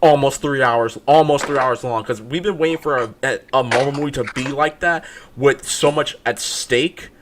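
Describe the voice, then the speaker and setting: A man hosting a casual movie review chat, animated and insistent, often repeating himself. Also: medium pitch, moderate pace, noisy background. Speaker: movie review podcast host.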